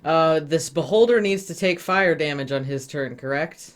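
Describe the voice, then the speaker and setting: Man, game master, smooth resonant voice, fairly high, playful narration. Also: moderate pace. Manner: relaxed, playful descriptions.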